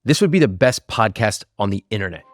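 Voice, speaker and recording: A man's voice: lowish voice, expressive, quick pace, no room sound, studio quality. A man hosting a podcast, speaking alone to listeners in earnest, appreciative commentary. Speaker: podcast host. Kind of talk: reflective solo commentary to listeners.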